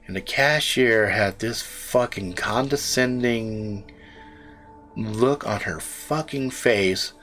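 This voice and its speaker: A man's voice: lowish voice, takes it slowly, a bit bright, faint music behind. A man hosting a live stream, telling a rambling, profane story in casual chat.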